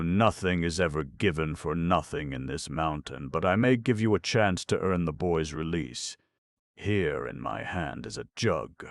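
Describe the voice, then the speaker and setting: A man voicing a heartless male wizard king in a storybook, slow, sneering and mocking. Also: rumbling low, creaky, no room sound, studio quality, full character voice.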